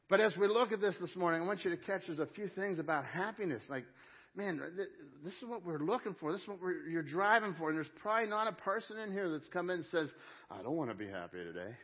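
A middle-aged man preaching a sermon in a church, conversational and emphatic, talking straight to the congregation. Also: a little high. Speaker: pastor. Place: church sanctuary. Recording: dull lo-fi sound.

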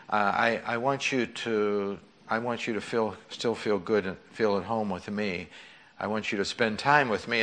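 Man preaching in a low, easy voice. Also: fairly bright tone. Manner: conversational preaching with frequent fillers and restarts. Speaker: pastor. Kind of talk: sermon.

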